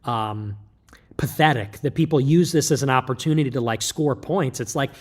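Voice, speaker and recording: A man's voice: medium pitch, moderate pace. A man delivering an emphatic, lecturing livestream monologue, loose and joking in tone. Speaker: livestream commentator.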